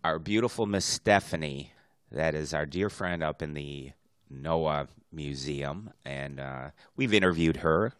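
A man co-hosting a podcast interview, playful and encouraging, quick to laugh along. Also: very deep voice, a bit bright, clear, resonant tone, no echo. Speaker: podcast co-host. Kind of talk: casual interview chat.

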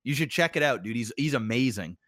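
A man co-hosting a casual podcast, telling stories excitedly and swearing often, calling his friend "bro" and "dude". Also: medium pitch, a little fast, dry recording, clean studio sound. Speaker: podcast co-host. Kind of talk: casual chat.

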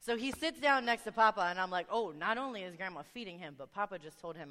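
A woman delivers a sermon, weaving in a family story and slipping into lively voices for each person in it. Her voice sits in the middle range. It rings with the long reverb of a large hall. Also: medium pitch, fast, a little hiss or hum. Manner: animated storytelling, acting out family members. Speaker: preacher.

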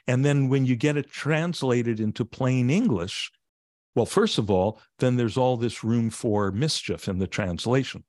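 A man, a meditation teacher, explaining ideas in plain language with gentle humor during a conversational podcast interview. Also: medium pitch, a little slow, dry recording, studio quality. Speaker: meditation teacher and author, guest.

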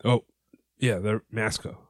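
A man's voice: fairly low pitch, steady tone, measured pace, no room sound, studio quality. A man co-hosting a podcast in casual chat, joking and loose. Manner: joking, loose, full of fillers. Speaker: podcast co-host.

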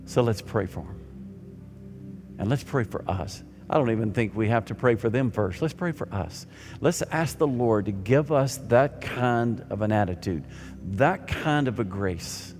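A man preaches in a large church with a long, ringing reverb, while faint music plays under him. He builds to loud, emphatic points and then drops to soft, hushed phrases. His voice sits at an ordinary middle pitch. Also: animated, measured pace. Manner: dramatic, swings from loud emphasis to soft near-whispers. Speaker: pastor. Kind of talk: sermon.

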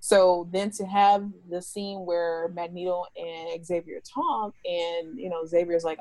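A woman's voice: lowish voice, fairly even intonation, unhurried, hardly any pauses, dark tone. A woman co-hosting a podcast in casual chat, talking loosely, laughing often and restarting her sentences. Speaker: podcast co-host.

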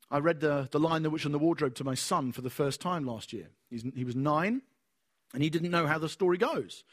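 A man preaches a sermon, telling stories animatedly and acting out the voices of the people in them. His voice is a little high and his delivery brisk.

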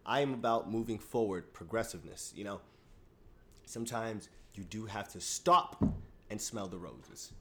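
A man hosting his own podcast, talking casually, swinging between loud hype and low mumbling, with many fillers. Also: normal speed. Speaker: podcast host. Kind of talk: casual solo podcast monologue.

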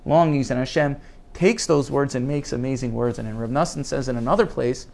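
A man teaching a Torah class, his pitch sitting in an ordinary middle range. He speaks earnestly and doubles up words for emphasis. He reads Hebrew quotes aloud and then translates them. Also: brisk, vocal fry, dark tone.

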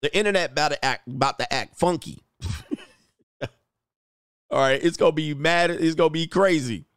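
A man's voice: fairly high pitch, normal speed, fairly bright tone, smooth, no room sound, studio quality. A man hosting a live stream, reading viewer comments aloud and giving blunt, crude, mocking commentary.

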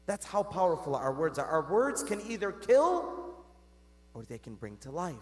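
A priest preaches a sermon in an earnest, chatty way, his high voice swinging up and down. He keeps asking his listeners questions, and the long reverb of the church trails after his words. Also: big pitch swings, normal speed. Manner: addresses the congregation as "guys". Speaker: Catholic priest.

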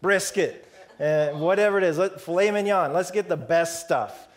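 A preacher acting out an excited old father who orders his servants to prepare a feast. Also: sits high, normal speed, voice pushed up, natural voice. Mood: jubilant. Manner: loud, excited, commanding. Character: overjoyed generous old father calling servants.

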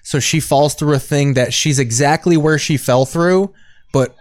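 A man's voice: a little high, measured pace, dry recording. Matter-of-fact man on a dry studio mic. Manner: direct, matter-of-fact, corrects his co-host. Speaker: podcast host running the sound board. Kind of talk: casual chat. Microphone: studio microphone.

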